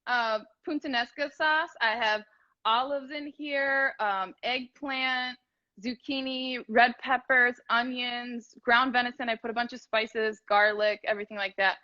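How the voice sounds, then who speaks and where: A woman's voice: fairly high pitch, fairly even intonation, unhurried, sharp tone, muffled recording. A woman chatting casually as a guest cook, rambling with lots of fillers, over a video call. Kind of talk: casual cooking chat.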